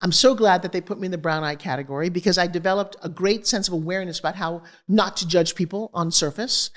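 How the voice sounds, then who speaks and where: A woman as an interview guest, telling personal stories in an energetic, expressive way. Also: fairly low pitch, fast.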